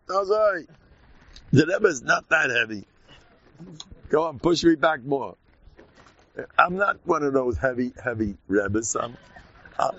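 A man with an American accent, a rabbi giving an informal, animated Purim talk full of stories and sudden shouts. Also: medium pitch, lo-fi sound.

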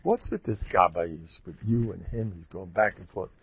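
A man's voice: low-pitched, normal speed, vocal fry, breathy edge, full character voice. A man voicing a fed-up husband who presses for answers. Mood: insistent. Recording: dull lo-fi dry recording.

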